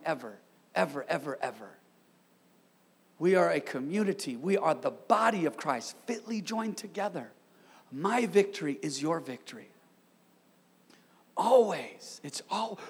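A man, a pastor, preaching a sermon with energetic call-and-response and street slang. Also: high voice, normal speed, gravelly, husky, big-room sound.

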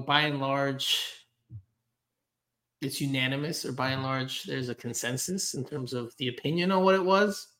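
A male podcast co-host in casual chat, bright and a touch high in pitch. He talks in an animated, joking way and acts out quoted people as he tells a story. His energy keeps the conversation moving.

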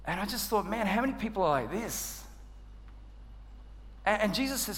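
An Australian man delivers a sermon with a high, bright voice, joking at his own expense as he tells the story. His voice carries a long reverb from the church hall around him. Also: normal speed, long pauses. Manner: humorous, self-deprecating, animated storytelling. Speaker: preacher.

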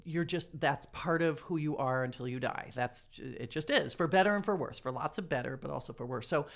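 A woman's voice: low voice, a little fast, gravelly. A woman hosting a casual chat, talking in loose, rambling sentences and laughing often. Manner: chatty, laughs often, trailing restarts. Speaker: podcast host.

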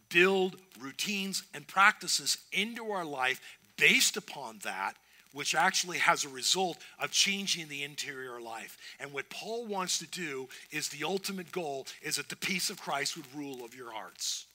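A male pastor preaches in an earnest, emphatic way, now and then breaking off and restarting a thought. His voice is very bright and forward, sitting a little high for a man. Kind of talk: sermon.

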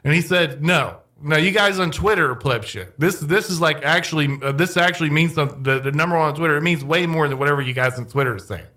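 A man from Texas hosting a casual podcast chat, talking in halting starts and restarts. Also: fairly high pitch, sharp tone.

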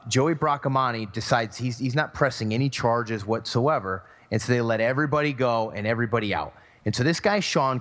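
Animated male storyteller in a reverberant room. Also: medium pitch. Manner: animated storyteller acting out quoted voices. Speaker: podcast co-host. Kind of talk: casual storytelling. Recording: long hall reverb.

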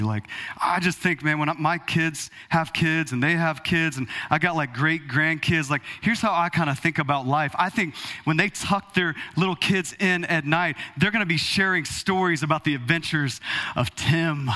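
A man in his thirties preaching a sermon in an animated, conversational way, acting out little asides to his church. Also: fairly high pitch, moderate pace. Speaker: pastor.

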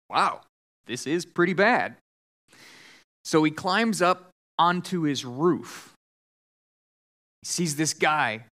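A man preaching a sermon as pastor, telling a joke with lively voices for the characters in a church sanctuary. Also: mid-range voice. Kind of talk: sermon with storytelling.

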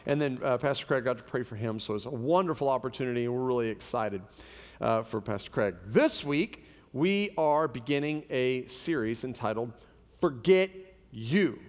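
A man, a pastor, preaching a sermon with animated, humorous storytelling. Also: mid-range voice, moderate pace, long reverb tail.

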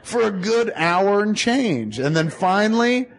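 A man telling a long story to a friend in casual talk, profane and animated, acting out both sides of the dialogue. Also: sits high, measured pace, a crowd in the background.

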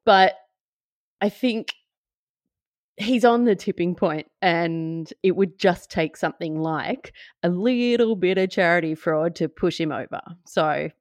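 A woman's voice: lowish voice, a little slow, no room sound. A woman co-hosting a podcast, chatting casually with dry, wry humor and steering the topic. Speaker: podcast co-host. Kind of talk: casual chat.

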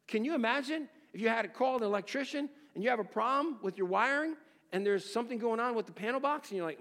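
A man preaching an expository sermon, dramatic and questioning, swinging between loud exclamations and near-hushed phrases. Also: very high voice, fast talker, big-room sound. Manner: asks the listeners rhetorical questions. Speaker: pastor.

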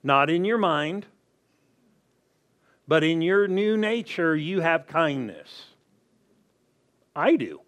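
A man's voice: a little high, big pitch swings, slow pace, long pauses, fairly bright tone. A man preaching a sermon as pastor, reading scripture aloud and putting rhetorical questions to his congregation.

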